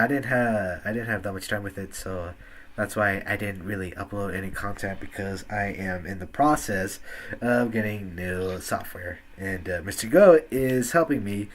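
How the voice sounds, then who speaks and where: A young man hosting a casual podcast, rambling with lots of fillers and restarts on a home computer mic. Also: fairly low pitch. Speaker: podcast host.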